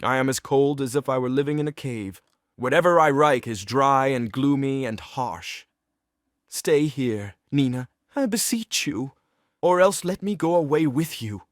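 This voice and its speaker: A man's voice: medium pitch, animated, unhurried, no echo, clean studio sound, close to an everyday voice. Treplev, a man reading a lovesick young writer. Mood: despairing. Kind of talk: play reading.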